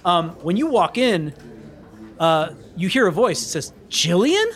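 Male game master, high voice, casual rambling narration. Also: animated, a little slow, a bit bright. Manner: casual, meandering, with fillers.

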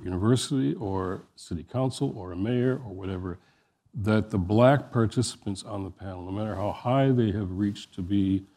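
A man hosting a podcast who reads a measured scripted introduction and then talks in conversation. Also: lowish voice, mellow. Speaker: podcast host.

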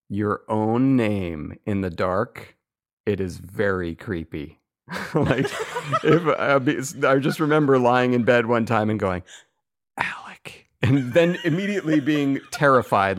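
A man's voice: fairly low pitch, animated, unhurried. A man hosting a casual chat, playful and laughing often. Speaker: podcast host.

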